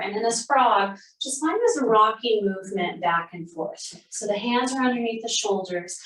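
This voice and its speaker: A woman guides a yoga flow, calling out poses in a calm, steady voice and now and then sounding a little out of breath. Her voice sits at an ordinary pitch for a woman. The sound is roomy, with the mic set back from her. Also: recorded from a distance. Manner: calm, steady cueing, breathing between phrases. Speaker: yoga instructor. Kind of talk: guided yoga class instruction.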